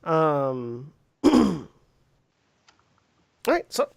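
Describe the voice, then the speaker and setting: A man narrating a tabletop role-playing game as game master, pausing often and searching for words with many fillers. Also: a little high, wildly swooping pitch, creaky, no echo, clean studio sound.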